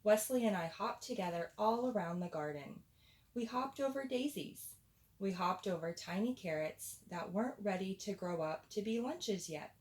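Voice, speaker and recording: A woman reading a children's picture book aloud in a playful, expressive storytelling voice. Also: mid-range voice, moderate pace.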